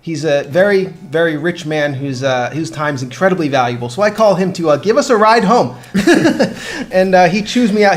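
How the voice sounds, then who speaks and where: A man's voice: fairly high pitch, normal speed. A young man chatting casually on a gaming show, telling a long dream story with laughs and restarts. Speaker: co-host of a game podcast.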